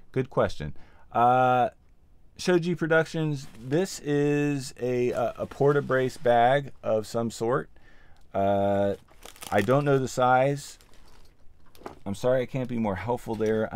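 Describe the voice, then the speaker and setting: A man's voice: medium pitch, unhurried, clean tone. A man hosting a casual livestream, chatting and thinking aloud with many ums as he assembles gear and answers viewers. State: a little out of breath. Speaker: livestream host, sound mixer. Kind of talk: casual livestream chat while building gear.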